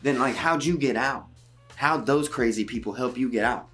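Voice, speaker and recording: A man's voice: mid-range voice, normal speed, fairly bright tone, soft background music. A man co-hosting a casual podcast chat, talking heatedly and emphatically and swearing freely. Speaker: podcast co-host.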